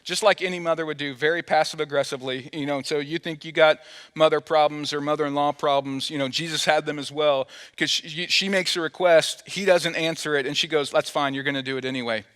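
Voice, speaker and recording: A man's voice: fairly high pitch, fairly even intonation, brisk, a bit bright. A man preaching a sermon as pastor, telling a story playfully and acting out the quoted dialogue. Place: church auditorium. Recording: long hall reverb.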